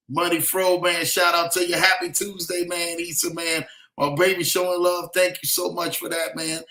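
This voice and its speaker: A young man hosting a livestream, giving heartfelt motivational talk with lots of "man" and "y'all" and reading shout-outs to his chat. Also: high voice, echoey room, low-quality recording. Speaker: livestream host.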